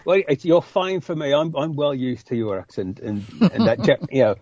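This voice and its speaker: A man's voice: a little high, very animated, moderate pace, darkish tone, no echo, dull audio. A man with a West Midlands English accent, a podcast guest chatting casually in a self-deprecating way. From West Midlands, England. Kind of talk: casual chat.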